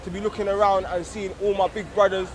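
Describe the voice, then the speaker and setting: Young man, high-pitched, street slang, fervent address outdoors. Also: flat delivery, fast. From England. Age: young adult. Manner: slangy, repeats "you get me", grows fervent and loud. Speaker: organiser of a street discussion circle.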